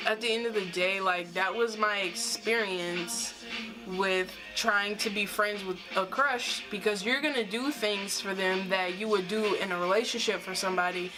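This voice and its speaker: A woman's voice: medium pitch, steady tone, moderate pace, over music, poor audio. A young woman telling a personal story to camera in a casual vlog, rambling with lots of "like" and restarts. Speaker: vlogger.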